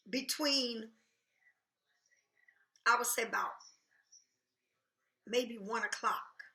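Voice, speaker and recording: A woman with a high, bright voice, talking to her viewers as a tarot reader. She is blunt, heated and freely profane. The sound carries an echo from the room. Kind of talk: casual direct-to-camera rant. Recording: echoey room.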